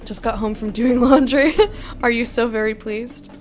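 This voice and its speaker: With faint music behind her, a woman streams a game, giggling and chatting casually as she reads out her viewers' messages. Her voice is on the high side, steady in tone, and moderate in pace.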